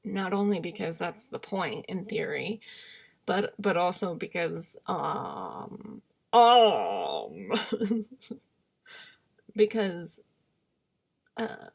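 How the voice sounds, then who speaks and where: A woman's voice: on the low side, takes it slowly, gravelly, long pauses, slightly rough. A young woman vlogging in a candid, rambling monologue, self-deprecating and often trailing off into murmurs.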